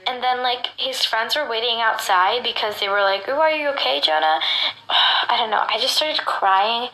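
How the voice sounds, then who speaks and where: A woman's voice: fairly high pitch, steady tone, moderate pace, sharp tone, reverberant, rough recording. A woman telling a personal story in a chatty, gushing way, full of "like". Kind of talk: storytime narration.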